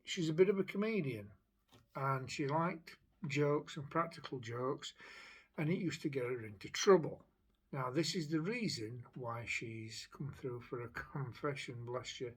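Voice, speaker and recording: A man's voice: mid-range voice, unhurried, husky. A man working as a psychic medium, relaying a spirit's story in a chatty, hesitant way, with many restarts. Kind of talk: spirit message monologue.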